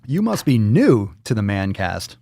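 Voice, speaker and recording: A man hosting a fitness livestream. He talks casually, reacting to viewer posts with loud jokes, swearing and pep-talk coaching. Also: lowish voice, wildly swooping pitch, a little slow, gravelly, no room sound, clean studio sound. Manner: loud, profane, joking, coaching.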